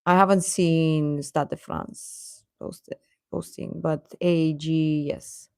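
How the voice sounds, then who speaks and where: Young woman hosting a fan livestream, slow-talking, laughs a lot, dry close mic. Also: deep voice, steady tone, creaky, darkish tone, no room sound. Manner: chatty, laughing often, exasperated rants. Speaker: livestream host reading chat. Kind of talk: casual chat.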